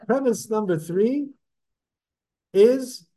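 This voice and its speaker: Mellow-voiced man teaching a Torah class. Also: high-pitched, animated, drawn-out words. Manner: conversational, self-correcting, asks listeners questions. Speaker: religious teacher.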